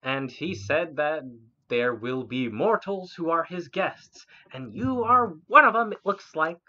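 A woman's voice: sits low, lively intonation, unhurried, sharp tone. A woman narrating as game master in a casual, laughing, sometimes swearing way. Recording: muffled lo-fi audio.

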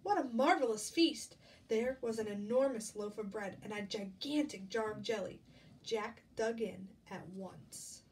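A woman reading a picture book aloud to children, pausing to ask gentle questions. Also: mid-range voice, a little hiss or hum. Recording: distant mic, faint ambience.

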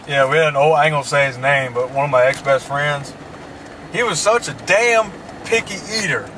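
A slightly high, somewhat bright male voice with a Mississippi Southern accent carries this casual, joking car-ride vlog. The host is chatty and folksy, and the moving car adds road noise as he drives through town.

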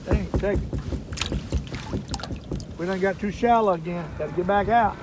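An older man with a drawl gives folksy, chatty running commentary from a fishing boat, repeating himself when he gets excited. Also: high voice, moderate pace. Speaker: fishing show host. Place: on a fishing boat on a lake, outdoors. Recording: wind and boat noise outdoors.

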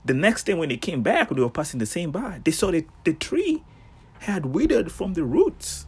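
A man hosting a daily devotional, preaching in a casual, animated way with slangy asides. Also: high voice, moderate pace, husky. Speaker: devotional host.

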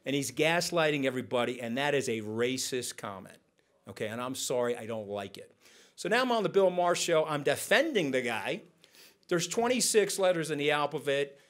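A man speaking as a guest on a conference stage, telling lively anecdotes and acting out what others said. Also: fairly high pitch. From United States. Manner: animated, acting out quotes in other voices. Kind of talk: onstage storytelling conversation.

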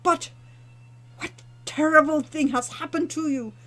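A woman's voice: high-pitched, fairly even intonation, measured pace, fairly bright tone, voice pushed up. A woman voicing a polite, fussy male cat-like innkeeper creature who speaks formally and courteously. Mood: dismayed.

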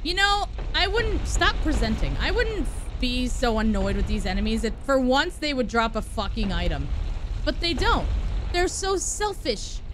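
A woman streaming a video game live, chatting with viewers, swearing and yelling at enemies. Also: fairly high pitch, very animated, normal speed, noisy background. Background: game music.

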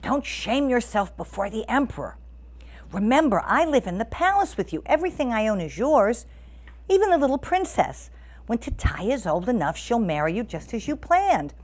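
A woman's voice: a little high, very animated, normal speed, a little mellow. A woman reading a storybook and voicing a clever, brave young woman heroine in an urgent, pleading tone.

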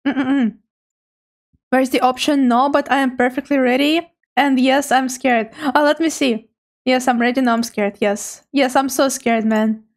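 A high-voiced woman chats casually with her live-stream viewers, bubbly and quick to giggle. She sounds nervously excited as she talks into her streaming microphone.

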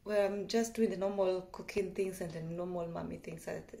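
A woman from Kenya chatting casually to the camera at home in a vlog, rambling and correcting herself, often trailing off softly. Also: on the low side, steady tone, normal speed, creaky. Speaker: vlogger. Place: at home indoors.

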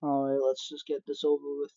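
A gaming YouTuber reading out game dialogue for many characters in quick succession, sometimes exclaiming. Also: medium pitch, completely flat delivery, dark tone, dry recording, muffled recording. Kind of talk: game playthrough with read-aloud dialogue.

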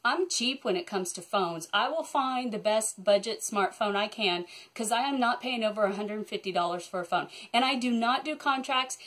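A woman chatting excitedly to camera about her cross-stitch projects, rambling with many asides. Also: fairly high pitch. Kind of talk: casual chat to camera. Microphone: phone camera.

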